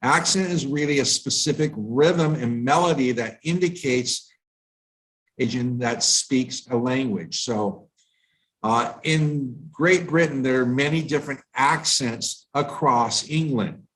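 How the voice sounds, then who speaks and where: A man from the United States giving a live online lesson on pronunciation, explaining in a measured way with frequent fillers and restarts. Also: medium pitch, fairly bright tone, poor audio. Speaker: IELTS tutor.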